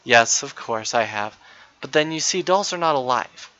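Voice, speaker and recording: An eager, wondering little girl, as a man reading aloud puts her on, her voice lifted higher and bright with feeling. The sound is dry and a bit dull, like a lo-fi home recording. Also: expressive, moderate pace.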